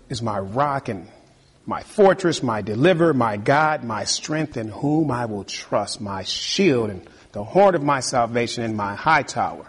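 A man's voice: mid-range voice, husky. A male pastor preaching a sermon, reading scripture aloud and calling out to the congregation for responses.

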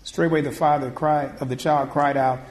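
A male pastor preaching. His voice sits a touch high for a man. He moves from soaring, raised exhortation down to hushed, intimate talk and back. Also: fairly even intonation, moderate pace. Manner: swings from loud, high preaching to quiet, low talk; folksy, conversational preaching with call-and-response. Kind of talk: sermon.

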